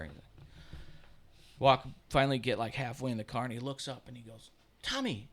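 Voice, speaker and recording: A man, telling rambling, profane stories on a podcast, loud when he laughs and hushed when he turns reflective. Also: mid-range voice, brisk, a little hiss or hum. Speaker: podcast co-host. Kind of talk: casual storytelling chat.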